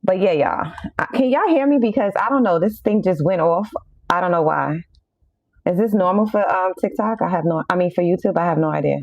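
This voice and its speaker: A woman's voice: lowish voice, brisk, vocal fry, dry recording, highs cut off. Chatty New woman on a livestream. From New York. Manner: chatty, greets viewers constantly, says y'all a lot. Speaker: tarot reader hosting a livestream. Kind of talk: casual livestream chat.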